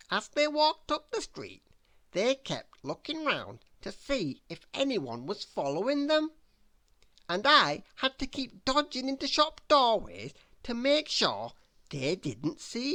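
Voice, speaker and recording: A woman reads a children's bedtime story aloud in an expressive, first-person way. Her pitch swings widely as she goes, at a slow, unhurried pace. The recording is dry and close. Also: no room sound.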